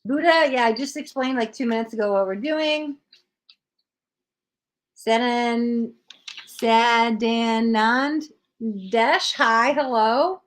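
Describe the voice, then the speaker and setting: A woman's voice: fairly high pitch, slow pace, pauses often. A woman reading tarot cards on a live stream, chatting with viewers and giving blunt readings. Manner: blunt, chatty, reads out chat comments.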